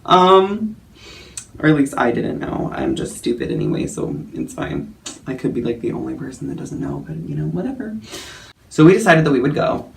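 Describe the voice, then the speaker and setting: Young guy rambling through a story for his vlog, lots of likes, kinda gravelly fry. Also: on the high side, wildly swooping pitch, moderate pace. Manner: chatty, filler-heavy, self-mocking, laughing. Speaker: vlogger.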